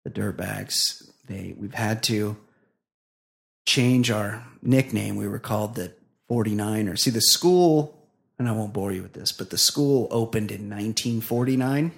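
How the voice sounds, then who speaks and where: A man's voice: fairly low pitch, unhurried, creaky. A man co-hosting a comedy podcast in casual banter, blunt with rambling asides. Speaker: podcast co-host.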